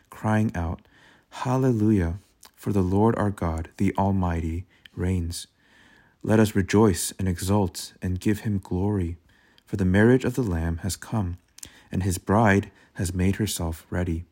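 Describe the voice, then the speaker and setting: A man reading a Bible passage aloud as a daily devotion, in a measured, steady voice. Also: deep voice, creaky. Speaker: devotional reader. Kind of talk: scripture reading.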